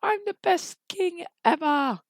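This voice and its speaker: A pompous, self-adoring lord with a thin, squeaky voice, put on by a young storyteller. He stretches his boasts out slowly. The voice sits far above a normal speaking voice. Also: lively intonation, no room sound, clean studio sound, full character voice. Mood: boastful. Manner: drawn-out, self-important bragging. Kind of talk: improvised storytelling while drawing.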